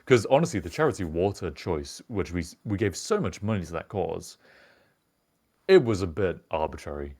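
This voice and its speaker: A man's voice: sits low, big pitch swings, moderate pace, a little mellow. A young British man co-hosting a casual podcast, rambling and reflective, swearing now and then. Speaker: podcast co-host. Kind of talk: casual chat.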